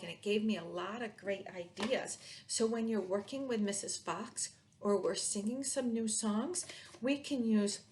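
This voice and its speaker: Slow, sing-song woman teacher. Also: medium pitch, a little mellow, slight background noise. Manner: sing-song, playful with sound words. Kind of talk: reading aloud and teaching young children.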